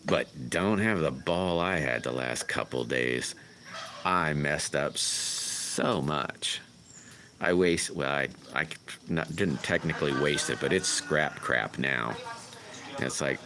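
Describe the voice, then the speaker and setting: A man's voice: a bass voice, takes it slowly, pushed and bright. A man casually chatting with viewers on his livestream, rambling and greeting people by name. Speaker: livestream host.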